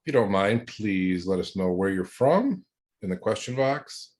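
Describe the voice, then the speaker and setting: A man's voice: lowish voice, expressive, a little slow, darkish tone. A man co-hosting a webinar, friendly and jokey in casual chat over a video call. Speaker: webinar co-host.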